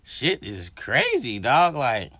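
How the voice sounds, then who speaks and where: Speaking slowly at a medium pitch with no echo, this podcast host delivers a casual solo rant. He's animated and swears freely while addressing his audience directly.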